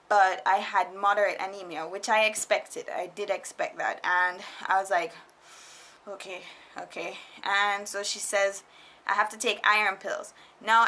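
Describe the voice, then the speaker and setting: A young woman casually telling a storytime vlog, animated and laughing often, quoting people in put-on voices. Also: mid-range voice. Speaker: vlogger. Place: foreigner living in Japan.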